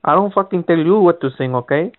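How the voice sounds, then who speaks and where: A man's voice: fairly high pitch, quick pace, no room sound. A man making a prank call, belligerent and swearing, speaking broken English over a tinny phone line. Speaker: prank caller.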